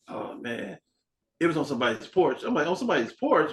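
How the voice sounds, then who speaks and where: A man hosting a podcast in casual chat, an animated storyteller who acts out dialogue and swears freely. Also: a little high, brisk, rough recording. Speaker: podcast host.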